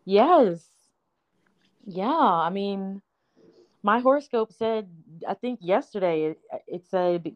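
A woman's voice: mid-range voice, expressive, slow, pauses often, muffled recording. A woman guest on a podcast, talking frankly in casual chat with emphatic exclamations.

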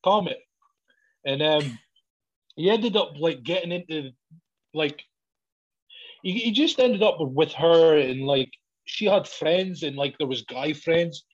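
A man's voice: takes it slowly, pauses often. A man telling a story in casual chat, swearing often and laughing as he goes. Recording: dull, low-fidelity recording.

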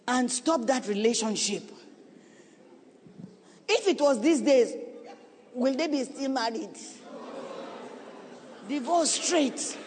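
A middle-aged woman pastor preaches to her congregation, her words pleading and earnest. At times she drops to a hushed, slowed delivery before rising again. Her voice carries a long reverb through a big church hall. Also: high-pitched, a little hiss or hum. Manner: earnest and pleading, with sudden drops to a soft, slow voice. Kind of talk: sermon. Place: church sanctuary.

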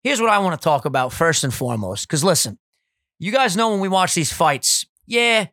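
A young man co-hosting a casual podcast, hoarse from screaming, loud and swearing as he jokes around in a basement. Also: high voice, sing-song, dry recording, studio quality. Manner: loud, swearing, jokey, quick. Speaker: podcast co-host. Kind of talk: casual profane podcast banter. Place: basement at a kitchen table.

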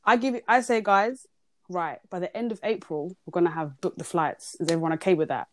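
A young woman, chatting with exasperation and slipping into quoted asides. Her voice sits low for a woman. The recording is close and dry. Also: a little fast, no room sound. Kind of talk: casual chat.

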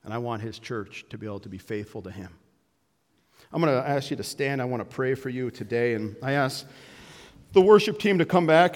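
A male pastor preaching a sermon and closing in prayer, earnest and emphatic, dropping to a hush and then building to loud declarations. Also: mid-range voice. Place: church sanctuary. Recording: long hall reverb from a church room.

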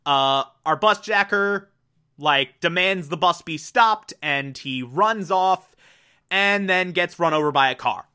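A man's voice: high-pitched, pushed and bright. A man casually recapping an anime plot, rambling with many fillers and restarts.

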